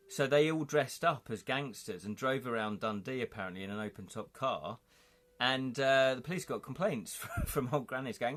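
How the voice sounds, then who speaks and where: A man's voice: medium pitch, a bit bright. A man hosting a live-streamed interactive gamebook, chatty and rambling as he reads chat comments aloud and asks viewers to vote.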